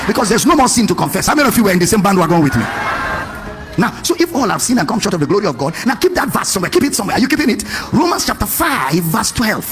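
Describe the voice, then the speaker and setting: Male preacher, high and very lively voice, questioning the congregation, soft music behind. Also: rapid-fire. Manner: animated, questions the congregation, sing-song emphasis. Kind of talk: lively sermon.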